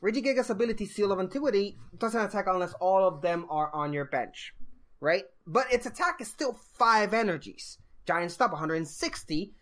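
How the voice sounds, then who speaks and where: Man, host, lively pitch swings, laughs often, casual card talk. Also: normal speed. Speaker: podcast host. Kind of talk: casual card game discussion.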